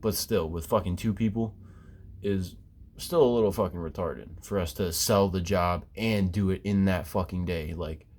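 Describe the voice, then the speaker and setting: A man's voice: deep voice, moderate pace, a little mellow. A man ranting casually about quitting his job, swearing constantly and rambling with fillers and restarts. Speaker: former basement waterproofing worker. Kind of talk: casual profane rant.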